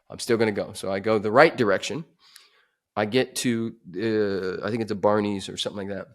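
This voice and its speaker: A man on a podcast telling a dramatic personal story, swinging from emphatic to hushed. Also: fairly low pitch, fairly even intonation, brisk. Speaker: podcast guest.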